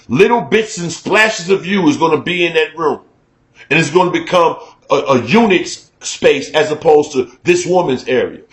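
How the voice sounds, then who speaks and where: Middle-aged guy ranting on the radio, cussing, fairly high voice, echoey room. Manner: profane, emphatic, conversational, gets loud when worked up. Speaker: radio talk show host. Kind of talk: candid talk-show monologue.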